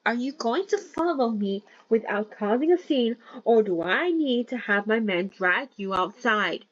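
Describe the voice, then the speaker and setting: A woman's voice: a little high, expressive, unhurried, no room sound, dull audio. A woman voicing a bossy, short-tempered young male mafia heir who barks scornful orders.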